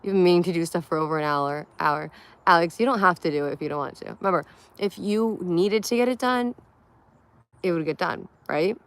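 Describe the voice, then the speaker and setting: This young Connecticut woman has a lowish voice and a brisk pace as she hosts a laid-back livestream, though she's tired. She chats playfully, working through comments one after another.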